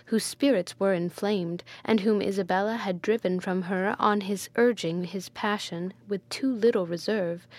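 A woman narrates an old gothic novel in a measured, dramatic way. Her voice sits at an ordinary middle pitch. The recording is dry and close. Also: darkish tone, dry recording. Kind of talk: audiobook reading of a gothic novel.

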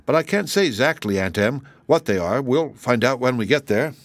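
A man's voice: medium pitch, animated, moderate pace, no echo, clean studio sound. A man voicing a kind, sensible little girl in a raised, girlish, matter-of-fact voice.

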